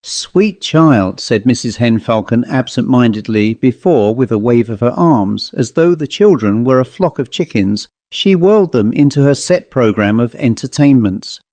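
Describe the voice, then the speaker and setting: A man reading a short literary story aloud as an audiobook narrator, in a measured, even storytelling manner on a close microphone. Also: medium pitch, no room sound.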